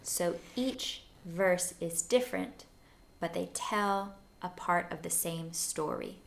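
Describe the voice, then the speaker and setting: A woman's voice: lowish voice, slow, gravelly. A woman teaching songwriting in a patient, encouraging lesson, singing short phrases to show a melody. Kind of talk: gentle step-by-step lesson for learners.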